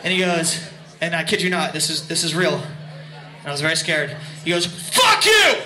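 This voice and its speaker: Speaking briskly in a fairly high, steady voice, a man fronting a band laughs through a rambling story at his own expense between songs. The stage vocal mic catches the echoey concert venue and the noise of the crowd.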